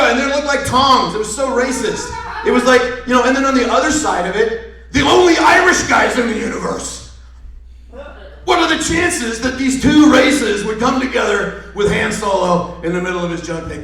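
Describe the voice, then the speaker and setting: At a live comedy show, a man delivers a sarcastic stand-up rant packed with swearing. His voice is very high and fairly bright, with lively intonation and a moderate pace. The room is echoey, and he sounds far from the mic.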